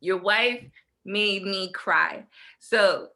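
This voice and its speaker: A young woman co-hosts a casual podcast chat, telling her story in an animated way and acting out the lines other people said. Her voice is bright and forceful, with a mid-range pitch. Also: very slow. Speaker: podcast co-host.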